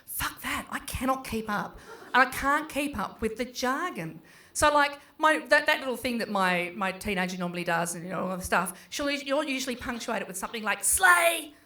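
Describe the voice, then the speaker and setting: A middle-aged Australian woman works a small pub crowd with a stand-up set. Her voice is bright and lifted and sits a little high. She talks casually, swears freely and acts out her kids in quick voices. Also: lively intonation. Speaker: stand-up comedian.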